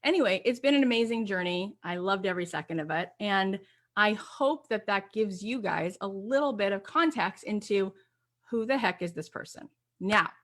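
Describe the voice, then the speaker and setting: A woman hosting an online course, talking casually to camera and telling her story in a chatty, upbeat way. She acts out the lines she quotes. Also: medium pitch.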